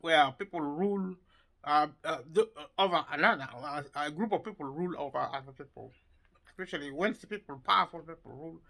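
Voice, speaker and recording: A man giving an opinion monologue for his video channel, halting as he talks, with many repeated words and fillers. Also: fairly high pitch, bright, forceful tone, low-quality recording. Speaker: video commentator.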